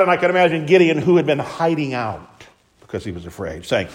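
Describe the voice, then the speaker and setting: Preaching with a somewhat high, expressive voice at a quick clip, this man swings dramatically from shouted exclamations to hushed asides. He also acts out the voices of characters from the Bible.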